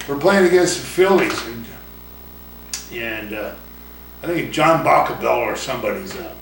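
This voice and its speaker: Older man, retired pitcher and coach, rambling chuckling storyteller, off-mic in an echoey room, noisy background. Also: lively intonation, normal speed, vocal fry. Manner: rambling anecdotes, acts out voices, chuckles often. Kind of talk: casual interview storytelling. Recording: roomy, distant mic, noisy ambience.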